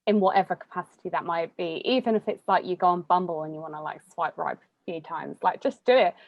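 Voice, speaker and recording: A young woman, chatting casually as an interviewee, full of fillers and quick laughs. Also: on the low side, steady tone, gravelly, no room sound, muffled recording. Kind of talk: casual conversation.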